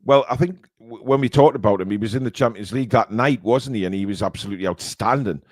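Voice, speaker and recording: A man's voice: on the low side, no echo. Chatty man with a dry close mic. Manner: halting, lots of fillers and restarts. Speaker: podcast host. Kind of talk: casual football chat.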